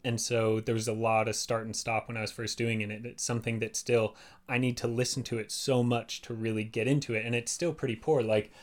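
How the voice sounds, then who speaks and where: A man who works as a voice actor, talking at length in a relaxed podcast chat, full of fillers like "like" and "you know". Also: mid-range voice, a little fast, hardly any pauses. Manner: chatty, explains at length with many fillers.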